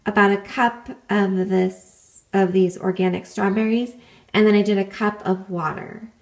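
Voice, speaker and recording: A woman's voice: mid-range voice, vocal fry. Chatty upbeat young woman vlogger. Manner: chatty and upbeat, often saying "like" and "um". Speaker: family vlogger. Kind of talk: casual vlog narration.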